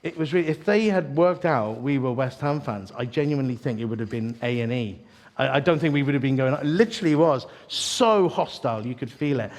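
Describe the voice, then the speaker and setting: Guy preaching, lively storyteller, cracks jokes, asides to the crowd, mid pitch. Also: a little fast, few pauses. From East London. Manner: animated, joking storyteller with asides to the audience. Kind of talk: sermon.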